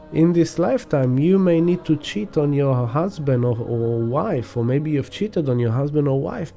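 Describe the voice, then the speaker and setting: A man's voice: mid-range voice, dark tone. A man giving a rambling spiritual astrology talk, casually swearing and acting out examples. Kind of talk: spiritual teaching monologue.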